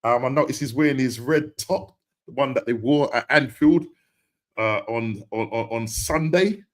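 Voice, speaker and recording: A man's voice: mid-range voice, moderate pace. A man hosting a casual football podcast live stream, upbeat and chatty, repeating phrases and often laughing. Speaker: podcast host.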